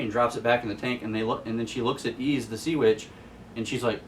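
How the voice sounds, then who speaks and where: A man's voice: mid-range voice, fairly even intonation, brisk, fairly bright tone, far from the mic, a little hiss or hum. A man hosting a casual comic book recap in an amused, chatty storytelling manner. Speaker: host.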